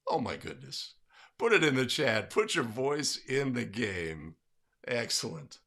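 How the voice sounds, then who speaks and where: A man hosting a casual livestream from home, upbeat as he greets viewers by name. His voice is bright and a little gravelly, sitting at a middle pitch. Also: sing-song, unhurried. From California. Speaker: livestream host.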